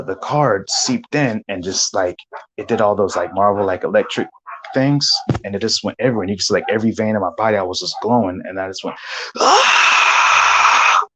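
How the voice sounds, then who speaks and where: A man recounts a spiritual vision in loose, animated testimony. His voice sits low with a husky grain, and he acts out gasps and shouts as he tells it. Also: low-quality recording.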